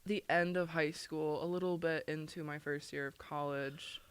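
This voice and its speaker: A young adult woman co-hosting a casual podcast chat, animated and laughing, with "like" in nearly every sentence. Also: deep voice, normal speed, clean tone, dry recording. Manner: animated, laughing, heavy use of "like". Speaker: podcast co-host.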